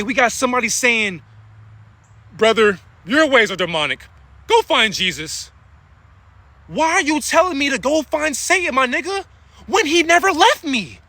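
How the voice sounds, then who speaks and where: Male streamer, bright and lively, slangy and preachy, keeps pausing to thank chat. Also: high-pitched, dry recording. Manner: casual slang, often stops to thank viewers; passionate, preachy rhetorical questions. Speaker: livestreamer. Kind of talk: spiritual talk on a livestream.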